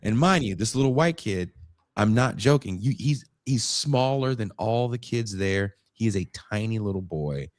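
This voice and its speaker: A man with a deep, low voice tells a story in casual podcast chat, animated and blunt, with the odd curse. The sound is dry and close, with no room around it. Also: moderate pace, no room sound. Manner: animated retelling with swearing and acted quotes. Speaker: podcast co-host.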